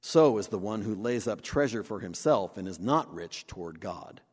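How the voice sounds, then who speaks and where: Guy preaching a sermon, really animated, does little voices for quotes, big hall echo. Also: lowish voice, moderate pace, husky. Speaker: pastor. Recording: long hall reverb.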